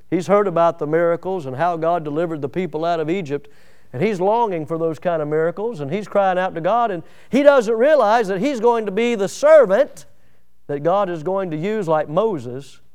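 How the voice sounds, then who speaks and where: A man preaching a sermon, animated and humorous, acting out scripture scenes. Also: high voice, smooth. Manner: animated, acts out biblical voices with humor.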